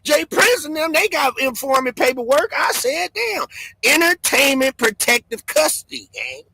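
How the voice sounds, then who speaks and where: A man hosting a livestream, ranting loudly and excitably, swinging between shouts and mutters and laughing often. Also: very high-pitched, normal speed, low-quality recording. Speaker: livestream host. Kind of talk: animated livestream rant.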